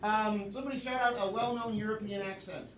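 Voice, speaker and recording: A man hosting a live improv comedy show, briskly joking and taking suggestions from the audience. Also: high-pitched, fairly even intonation, a bit bright, far from the mic, a little hiss or hum. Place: comedy theater stage. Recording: live room, off mic, audience.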